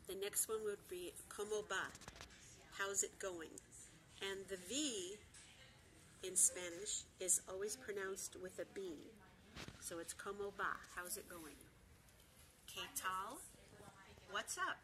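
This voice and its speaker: A woman giving a beginner Spanish lesson, saying example phrases slowly and repeating them with care. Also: mid-range voice, fairly even intonation, background noise. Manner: slow, careful repetition of example phrases. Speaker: Spanish teacher.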